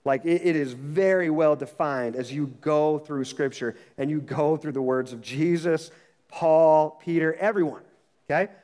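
Pastor guy preaching, kinda high voice, lots of restarts, echo from a big church hall. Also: unhurried, darkish tone. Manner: emphatic, repeats phrases, frequent restarts. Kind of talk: sermon.

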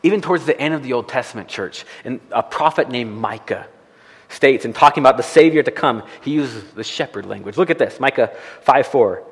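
A man's voice: medium pitch, expressive, a little fast, husky, big-room sound. A man preaching a sermon as a pastor, speaking earnestly and repeating key phrases for emphasis. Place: church sanctuary.

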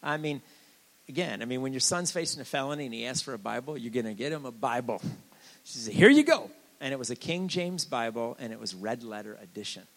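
A man's voice: mid-range voice, quick pace, in a large hall. An older man giving a candid, joking testimony sermon as a guest preacher in a church. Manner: candid, joking, animated storytelling.

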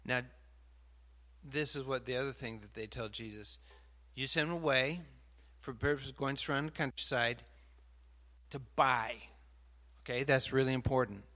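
Bright-toned animated preacher man. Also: mid-range voice. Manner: animated, rising to emphatic outbursts; pauses mid-talk to sort out slides. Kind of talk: sermon.

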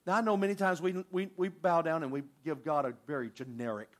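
High-voiced animated male preacher. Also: fairly quick, hardly any pauses. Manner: animated preaching, acts out prayers in a softer voice. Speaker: pastor. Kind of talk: sermon.

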